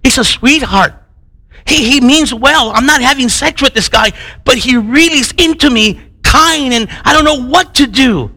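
A man's voice: extremely high pitch, moderate pace, bright, forceful tone, heavily acted. A man voicing a young churchgoing woman who hesitantly confides a personal struggle, stumbling over her words. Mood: earnest.

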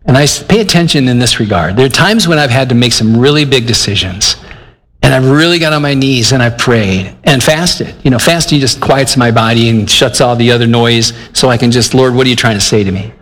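A man's voice: medium pitch, animated, fairly quick, a bit bright. Older male pastor preaching in a reverberant hall. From Michigan. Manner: earnest, conversational preaching, acts out his own inner dialogue. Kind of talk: sermon.

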